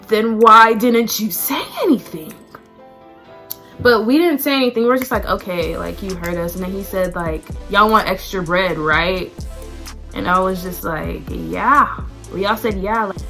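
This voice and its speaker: A teenage girl from Texas, chatty and animated, telling a storytime vlog with lots of "like" and "y'all". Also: mid-range voice. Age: teens. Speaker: vlogger.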